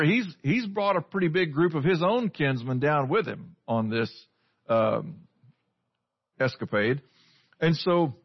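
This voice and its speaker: A man preaching in a conversational way, his voice sitting a bit higher than most men's. He puts scripture into plain everyday words and keeps asking his listeners questions. The recording sounds dull and lo-fi. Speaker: pastor. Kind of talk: sermon.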